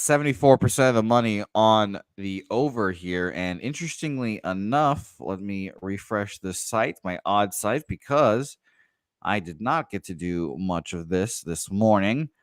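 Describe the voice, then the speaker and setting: A man's voice: on the low side, animated, normal speed, clear, resonant tone, no room sound, clean studio sound. A man hosting a sports betting show, talking loosely with lots of fillers and the odd curse. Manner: loose, profane, rambling with fillers. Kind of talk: casual sports betting chat.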